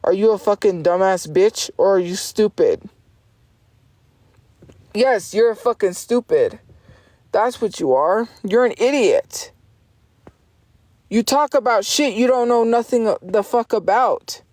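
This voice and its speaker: A foul-mouthed woman streamer snaps back at her chat, swearing freely and hammering the same points again and again. Her voice sits at an ordinary middle pitch. The sound is close and dry, with no room echo. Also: expressive, slow, pauses often, a little mellow. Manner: profane, insistent, defiant, repeats herself. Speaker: livestreamer. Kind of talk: livestream rant at chat.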